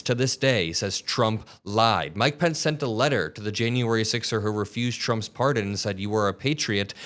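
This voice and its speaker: A man with a fairly low voice hosts an online political commentary. He talks bluntly and combatively, pushing back hard on what he plays. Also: a bit bright.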